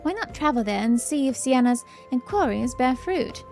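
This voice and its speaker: A woman's voice: high voice, animated, moderate pace, gravelly, a little mellow. Woman doing pompous male professor, formal stiff speech, fantasy game, faint music. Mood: prim. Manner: formal, old-fashioned speech.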